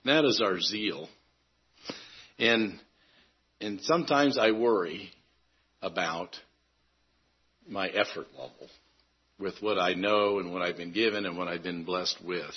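A man preaching a sermon in an earnest way, halting often and restarting his phrases. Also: low voice, husky, highs cut off.

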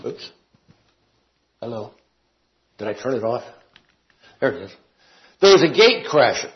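A man teaching a Bible class. He talks expressively, rising to emphatic peaks and dropping to quiet asides. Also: medium pitch, big pitch swings, a little slow, pauses often. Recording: dull lo-fi classroom recording.

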